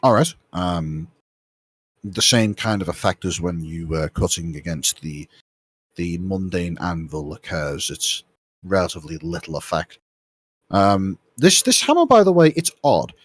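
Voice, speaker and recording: A man running a tabletop game as game master, narrating in a halting way with many restarts. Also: sits low, expressive, slightly rough, no room sound, studio quality.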